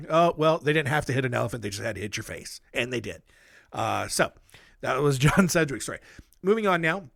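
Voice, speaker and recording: A man's voice: mid-range voice, expressive, a little fast, gravelly, a bit bright, no room sound, studio quality. A man hosting a podcast, telling history stories in a casual, rambling way with joking asides and lots of fillers. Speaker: podcast host. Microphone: studio microphone.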